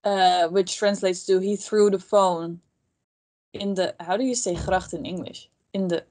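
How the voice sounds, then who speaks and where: A woman's voice: on the low side, steady tone, unhurried, a little mellow. A woman helping teach a language lesson, reading slides aloud and translating them tentatively.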